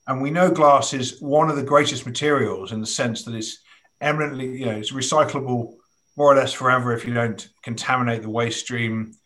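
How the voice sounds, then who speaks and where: A man's voice: medium pitch, fairly even intonation, brisk, fairly bright tone. A man interviewing a guest, asking long, thoughtful questions and telling anecdotes in a conversational way.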